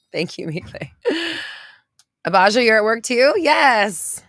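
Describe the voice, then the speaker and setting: A woman's voice: medium pitch, takes it slowly, no echo, studio quality. A woman with a valley girl accent hosting a podcast livestream, chatting casually and reading out viewer comments in a bubbly, chatty way with lots of fillers. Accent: American valley girl. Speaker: podcast host. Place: home studio.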